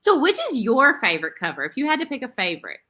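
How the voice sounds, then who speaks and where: An American woman co-hosting a casual video-call chat show, bubbly and giggly. Her voice sits high and bright and leaps wildly up and down. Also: very animated, fast. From United States. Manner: giggly, bubbly, uses y'all. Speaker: talk show co-host.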